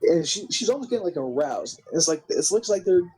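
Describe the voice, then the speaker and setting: A young man rambles through a recap of a wrestling game, full of swearing, restarts and "like". His voice sits a little high with a husky edge. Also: very animated, a little fast, mellow, low-quality recording. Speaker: game commentator.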